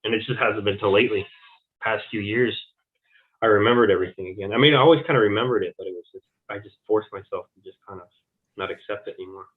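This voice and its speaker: A man telling a long personal story in an interview, halting and full of fillers and restarts. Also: fairly low pitch. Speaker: interview guest. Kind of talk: conversational recounting of personal experiences. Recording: tinny phone-like audio.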